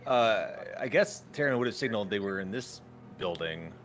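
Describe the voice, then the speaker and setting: A man running an online tabletop game as dungeon master, relaxed, laughing often and talking with many fillers. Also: lowish voice, normal speed, faint music behind. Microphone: online voice call.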